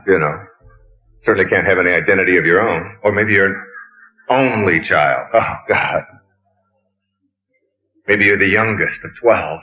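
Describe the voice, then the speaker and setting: A man giving a motivational lecture, telling stories and firing rapid questions at the listeners. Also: low voice, a little hiss or hum. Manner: animated, asks the audience rapid questions. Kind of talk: storytelling lecture. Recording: tinny phone-like lo-fi recording.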